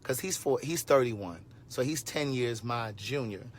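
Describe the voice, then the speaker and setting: A man in his forties telling a story to his viewers in a casual livestream, animated and sassy, with frequent asides. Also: medium pitch, unhurried, slight background noise. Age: 40s.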